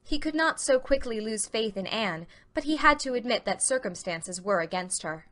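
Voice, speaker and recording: A woman narrating a dramatic audiobook reading with clear, expressive storytelling. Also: on the high side, normal speed.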